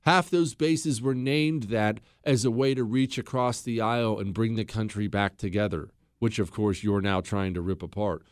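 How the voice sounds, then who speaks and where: A man's voice: fairly low pitch, moderate pace, hardly any pauses, no room sound, studio quality. A man hosting a podcast, telling history in a blunt, opinionated way, mocking people and acting out quotes. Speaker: podcast host.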